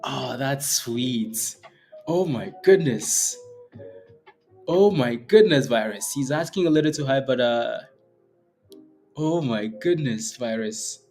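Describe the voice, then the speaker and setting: Slow-talking man hosting a trading stream. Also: medium pitch, animated, darkish tone, faint music behind. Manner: playful, laughs often, greets chat viewers by name. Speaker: day-trading livestream host. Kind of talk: casual livestream chat with viewers.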